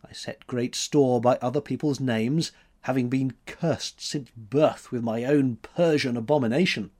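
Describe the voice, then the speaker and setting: A man's voice: medium pitch, measured pace, a little mellow, close to an everyday voice. A man voicing a wry, self-mocking young drifter with a dry manner. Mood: guarded.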